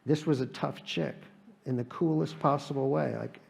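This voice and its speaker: A man's voice: medium pitch, fairly even intonation, normal speed, vocal fry, a little mellow. An American man, an author speaking at a live event, telling wry comic stories and often restarting his sentences. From United States. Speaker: author guest. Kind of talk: live on-stage conversation.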